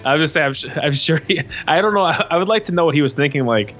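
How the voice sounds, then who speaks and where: A man's voice: on the high side, fast, fairly bright tone, lo-fi sound. A man hosting a casual music podcast, talking in an enthusiastic, rambling way with many restarts.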